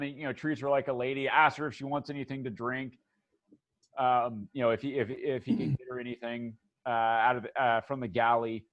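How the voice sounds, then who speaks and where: A man narrating as game master of a tabletop game, animated and often laughing, with many restarts. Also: medium pitch.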